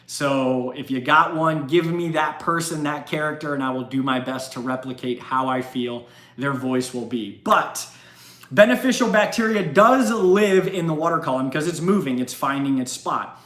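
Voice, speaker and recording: A man's voice: a little high, normal speed, a bit bright. A man hosting a casual live question-and-answer stream, chatty and rambling, often laughing. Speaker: livestream host. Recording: roomy echo.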